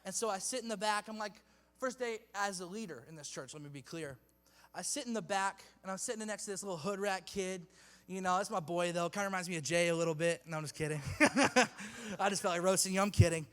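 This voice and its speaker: A youth pastor with a high-pitched, slightly bright voice preaches quickly to a youth audience in a church hall with big-room sound. His sermon is casual and slangy, with jokes for the crowd between points.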